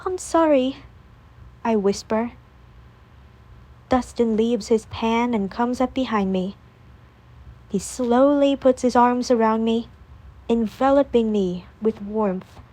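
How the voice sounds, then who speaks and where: A woman narrating a first-person audiobook in a calm, measured reading voice. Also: fairly high pitch.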